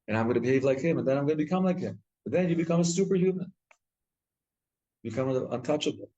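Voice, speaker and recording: Animated rabbi telling stories to a class. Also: male voice, fairly high pitch, quick pace, muffled recording. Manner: animated storytelling, acts out quotes, frequent restarts. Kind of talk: Torah class talk.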